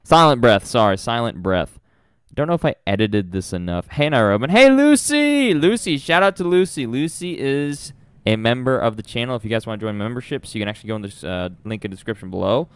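A man's voice: on the low side, quick pace, clean tone, no echo. Nervous young man streaming a horror game. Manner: nervous, rambling, laughs often. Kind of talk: live gameplay commentary.

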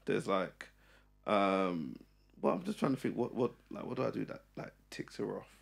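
A young man co-hosting a casual podcast, telling animated stories. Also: moderate pace, gravelly. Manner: animated storyteller, big pitch jumps. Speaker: podcast co-host. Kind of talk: casual chat.

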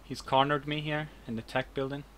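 A man's voice: mid-range voice, little pitch movement, brisk, fairly bright tone, a little hiss or hum. A man with an Australian accent, streaming a game and trading cheeky, teasing banter. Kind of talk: casual gaming chat.

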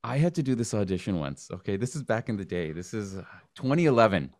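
Animated storytelling man, lowish voice. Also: fast. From Canada. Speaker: podcast host. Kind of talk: casual interview conversation.

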